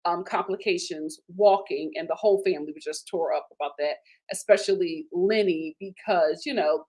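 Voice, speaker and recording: A woman hosting a casual TV recap, animated and indignant, her voice jumping up high when she gets outraged. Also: husky. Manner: casual, with fillers and slang. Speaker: host. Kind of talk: live TV recap commentary.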